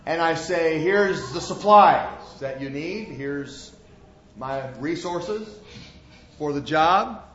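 A man's voice: medium pitch, a bit bright, a little hiss or hum. A male pastor preaching a sermon in a folksy, emphatic storytelling manner to a congregation in a church. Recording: dull lo-fi sermon recording.

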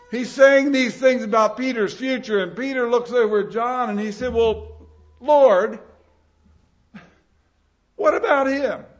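A man preaching a sermon, earnest and emphatic, rising and falling in loudness for effect. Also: extremely high pitch, muffled recording.

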